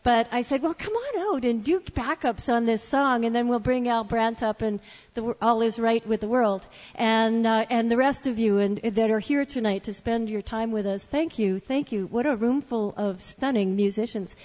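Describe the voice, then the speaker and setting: A woman's voice: fairly high pitch, normal speed, long reverb tail. A woman singer-songwriter hosting a live music night, chatting from the stage between songs with restarts and asides. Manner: chatty, warm-hearted stage patter with restarts. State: tearing up. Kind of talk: live singing and stage banter. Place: small live music venue. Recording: dull lo-fi live recording with guitar. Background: acoustic guitar.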